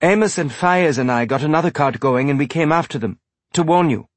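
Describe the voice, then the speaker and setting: A man's voice: on the high side, animated, brisk, dry recording, voice pushed up. A man voicing a frightened, earnest young woman explorer who talks in an urgent, breathless way.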